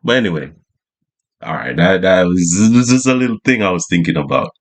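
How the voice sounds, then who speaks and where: A man's voice: sits low, animated, a little fast. A man talking to camera in a laid-back, slangy monologue, full of fillers like "you know what I mean". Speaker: vlogger. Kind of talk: casual monologue.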